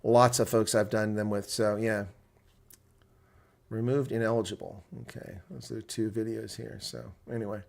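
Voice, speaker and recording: A middle-aged man giving live play-by-play and color commentary on a rugby match, breaking into loud excited shouts at big plays and chatting casually with viewers in the lulls. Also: medium pitch.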